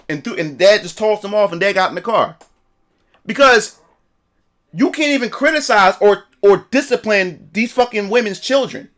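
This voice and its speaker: A man's voice: high-pitched, expressive, moderate pace, a bit bright. A man telling a story in a casual livestream rant, profane and repetitive. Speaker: streamer.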